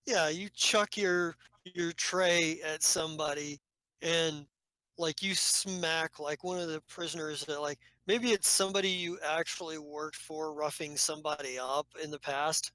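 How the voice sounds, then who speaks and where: A woman's voice: low-pitched, steady tone, a little slow, a bit bright, no room sound, low-quality recording. Woman game master, loose and rambling narration, dry recording. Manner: rambling, many fillers and restarts.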